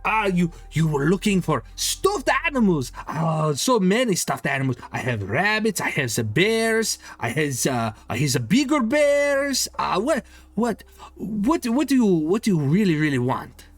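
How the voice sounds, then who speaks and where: An eccentric heavyset toymaker, put on by a man, crowing his wares in broken English with a pushy sales patter. The voice rides well above a man's usual pitch. It is drawn out slowly and sits close and dry on the mic. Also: big pitch swings, no room sound, soft background music, heavily acted. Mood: eager. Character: eccentric heavyset male toymaker in jester cap.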